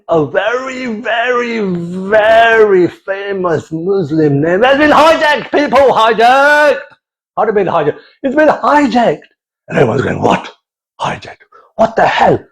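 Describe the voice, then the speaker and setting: A man telling a comic story in an animated, digressive way, full of exclamations. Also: high voice. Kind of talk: comic monologue.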